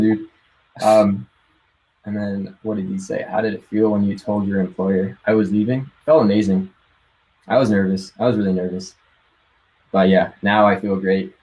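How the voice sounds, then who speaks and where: A man's voice: fairly low pitch, darkish tone, rough recording. A young man eagerly telling his own story of leaving a salaried job for his business, in a casual, laughing way with plenty of swearing and filler. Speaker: guest sharing success story. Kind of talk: casual storytelling on a live call.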